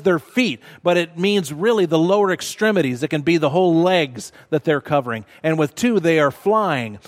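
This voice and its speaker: A man preaching a sermon in a church, measured and emphatic, repeating words for stress. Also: sits high. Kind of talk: sermon teaching. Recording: long reverb of a large hall.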